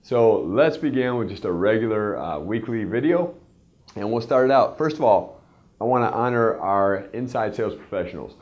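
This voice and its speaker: A man's voice: mid-range voice, darkish tone, highs cut off. Jokey man hyping sales rankings. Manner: chatty and jokey, hyping up names like an announcer. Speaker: company CEO. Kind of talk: weekly company video announcing sales rankings.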